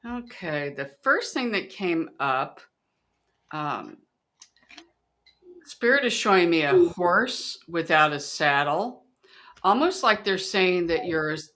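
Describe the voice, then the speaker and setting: A woman psychic hosting a show, giving a calm and measured reading to a viewer. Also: fairly low pitch. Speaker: psychic host.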